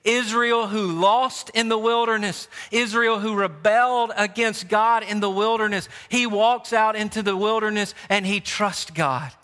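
Impassioned high-voiced male preacher. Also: fairly even intonation, measured pace, few pauses, pushed and bright. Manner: impassioned, rhetorical questions. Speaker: pastor. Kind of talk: sermon. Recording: long church reverb.

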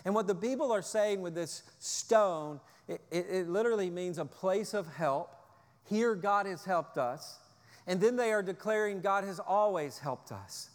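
Male pastor, high voice, emphatic sermon delivery, long hall reverb. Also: moderate pace. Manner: emphatic, repeats key phrases for stress.

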